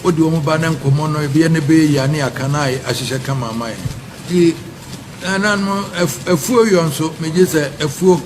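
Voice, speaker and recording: A man making a formal, pleading public appeal to chiefs at a gathering, with halting restarts. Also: on the high side. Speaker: speaker addressing chiefs at a public forum. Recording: noisy ambience behind the voice.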